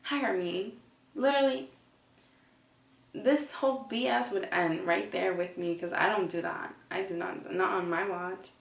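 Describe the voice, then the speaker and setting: A woman's voice: medium pitch, a little slow, creaky, reverberant, recorded from a distance. A woman vlogger ranting casually to camera, chatty and blunt, filling her talk with "like". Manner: chatty, heavy use of "like", blunt and indignant.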